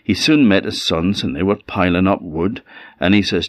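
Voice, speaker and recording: A man with an Orcadian Scottish accent telling a folk tale in a relaxed, conversational way. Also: sits low, normal speed, dry recording. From Orkney, Scotland. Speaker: storyteller. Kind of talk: oral folk storytelling.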